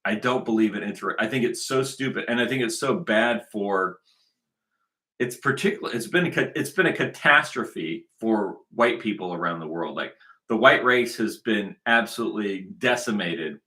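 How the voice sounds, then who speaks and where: A man's voice: lowish voice, lively intonation, moderate pace, sharp tone. A man hosting his own channel, talking in an emphatic, rambling unscripted monologue that is full of repetition and restarts. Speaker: channel host.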